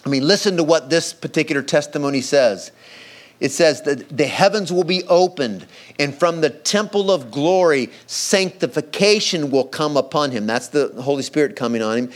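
Lively preaching man. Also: on the high side, normal speed. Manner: dramatic, acting out quoted voices. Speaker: pastor. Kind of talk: sermon.

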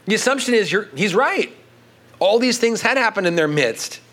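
A middle-aged man preaching a sermon with a somewhat high voice for a man. His delivery swings widely, climbing to emphatic bursts before sinking into low, quiet stretches. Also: lively intonation, unhurried. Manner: expository preaching, builds to emphatic peaks then drops low and quiet. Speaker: pastor.

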